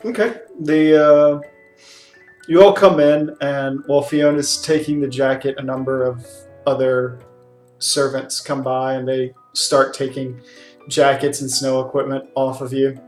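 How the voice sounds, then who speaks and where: A man runs a tabletop game at an unhurried pace. His narration is easy and relaxed, full of small fillers, and his voice echoes around the room over faint music. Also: mid-range voice. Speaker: game master. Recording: roomy echo with faint music.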